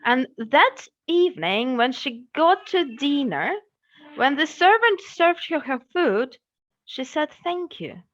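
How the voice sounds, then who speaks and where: A woman from Russia with a Russian accent, telling a fairy tale in English in an expressive, dramatic way. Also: sits high, takes it slowly, muffled recording. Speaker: English teacher telling a story. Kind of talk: storytelling.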